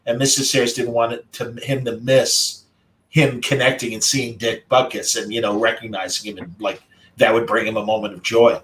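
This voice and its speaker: A man's medium-pitched, level voice comes through a rough recording at normal speed. As host of a casual group chat, the podcaster spins a warm, conversational story with the practiced delivery of an ex-radio broadcaster.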